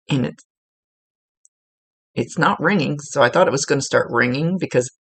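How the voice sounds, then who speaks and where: A woman psychic medium giving a casual, gently instructive reading, relaying messages with chatty asides. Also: a bass voice, gravelly. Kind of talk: casual spoken reading to a client.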